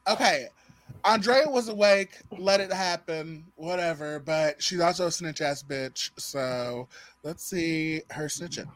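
A man hosting a podcast in casual chat, animated, swearing freely and laughing often. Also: fairly high pitch, a little slow, no room sound. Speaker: podcast host. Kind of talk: casual chat recapping a reality show.

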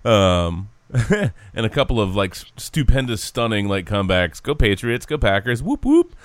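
A man's voice: on the low side, very animated, normal speed, dry recording. A man, co-hosting a sports podcast in a rambling, upbeat way. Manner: rambling, upbeat, laughs easily. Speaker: podcast co-host. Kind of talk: casual sports podcast chat.

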